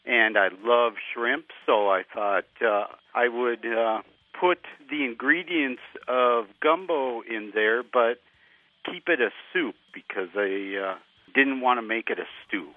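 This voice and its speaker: A man's voice: medium pitch, takes it slowly. A man calling in to a radio show, talking hesitantly with many fillers. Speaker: caller. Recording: tinny phone line.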